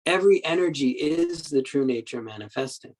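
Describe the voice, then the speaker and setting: Halting, storytelling male meditation teacher. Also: medium pitch, lively intonation, darkish tone, poor audio. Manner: storytelling, halting with repeated words; acts out quoted speech in the story. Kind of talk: Buddhist dharma talk.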